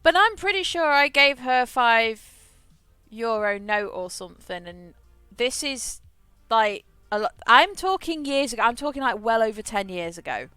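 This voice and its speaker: Woman streamer, chatty rambler, clear smooth voice, faint game music underneath. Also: on the high side, lively intonation, moderate pace, sharp tone, no echo. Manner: rambling storyteller, frequent restarts and repeated words. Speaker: livestreamer. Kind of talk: casual chat while playing a game.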